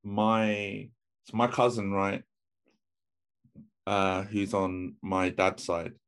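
A man telling a family story in casual chat, relaxed and full of fillers. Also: on the low side, drawn-out words, clear, resonant tone.

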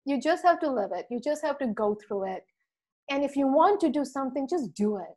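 A woman podcast guest telling an animated story, acting out quotes and laughing often. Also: high-pitched, fairly quick. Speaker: podcast guest, marketing speaker.

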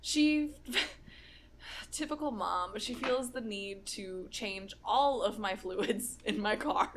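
A woman's voice: medium pitch, takes it slowly, noisy background. A young woman co-hosting a podcast, telling a story in a rambling, casual way, laughing often and swearing freely. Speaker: podcast co-host.

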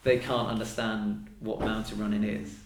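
A man's voice: fairly low pitch, flat delivery, normal speed, a little hiss or hum. A man talking casually as a podcast guest, chatty and fond of acting out little quoted exchanges. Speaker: podcast guest, elite mountain runner. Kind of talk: casual conversation. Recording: roomy echo.

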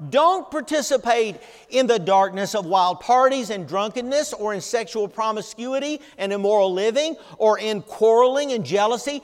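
An older man preaching a sermon as pastor, earnest and emphatic, often repeating words and pausing. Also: high-pitched, animated, long reverb tail.

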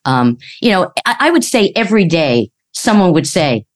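Woman, low pitch, animated, from New York, podcast co-host, casual storyteller. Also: normal speed. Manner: storytelling, self-correcting. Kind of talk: casual chat.

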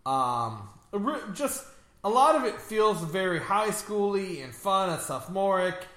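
A man's voice: high-pitched, big pitch swings, a little slow, pushed and bright, reverberant. A man co-hosting a podcast, reviewing a movie in casual, joking and rambling chat. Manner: joking, rambling, laughs often. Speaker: podcast co-host.

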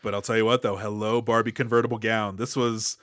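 A man co-hosting a casual movie podcast, opinionated and sarcastic, tossing in quick impressions. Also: fairly low pitch, little pitch movement, a bit bright, no room sound, clean studio sound. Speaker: podcast co-host. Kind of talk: casual movie review banter.

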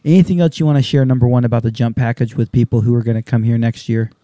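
Guy hosting a chat, super dark mellow voice, says dude a lot, dry room. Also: medium pitch, steady tone, rapid-fire, no echo. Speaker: host. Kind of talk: casual interview chat.

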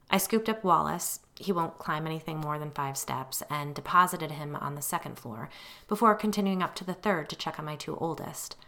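A middle-aged woman reading her own memoir as an audiobook, telling it with lively expression. Her voice is low and gravelly with a bright, forceful tone. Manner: expressive storytelling, acting out her own quoted lines. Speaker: audiobook narrator. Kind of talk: first-person memoir narration.

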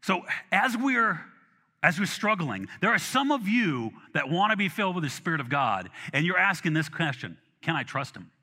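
A man delivers a sermon with a lively, swinging pitch and a bright, forceful tone. He talks conversationally, restarting phrases and repeating words. His voice rings in a large hall with long reverb and drifts off-mic at times. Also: moderate pace. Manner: animated and conversational, with restarts and acted asides. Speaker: pastor.

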